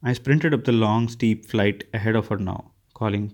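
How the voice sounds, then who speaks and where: Low-voiced man reading a novel. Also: moderate pace, darkish tone. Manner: unpolished reading with frequent restarts. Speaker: audiobook reader. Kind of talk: first-person novel reading.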